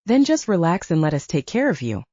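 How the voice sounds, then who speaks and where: A woman's voice: on the low side, very animated, fairly quick, mellow, no room sound, dull audio. A woman reading an audiobook, voicing an adult man who speaks in a soothing, reassuring way. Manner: soothing, calling her darlin'.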